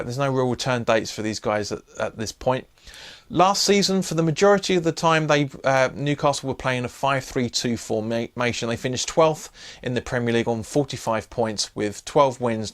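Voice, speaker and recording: A man hosts a casual football preview vlog at a middle pitch. He talks in a loose, chatty way and often restarts his sentences with fillers. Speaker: host.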